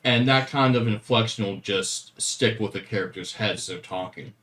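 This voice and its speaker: A man with a low voice chatting casually about running tabletop games. He speaks in a relaxed, self-deprecating way. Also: normal speed. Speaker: guest game master. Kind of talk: casual chat.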